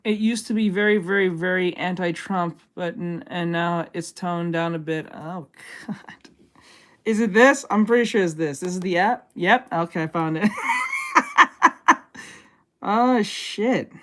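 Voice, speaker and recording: A woman streamer in casual reaction chat who swears freely and breaks into laughter easily. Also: lowish voice. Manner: profane, excitable, quick to laugh.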